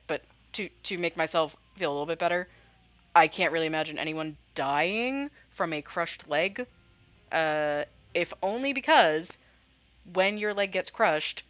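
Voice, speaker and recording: A woman's voice: on the low side, fairly bright tone, dry recording, lo-fi sound. A woman streaming a story game, chatting casually, rambling and swearing freely. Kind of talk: casual commentary while reading a game aloud.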